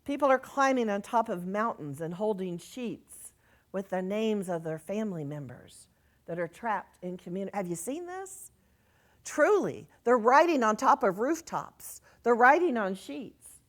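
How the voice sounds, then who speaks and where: A middle-aged woman minister delivers an earnest sermon at a medium pitch. She reads messages aloud and softly repeats reassuring phrases. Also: lively intonation, normal speed.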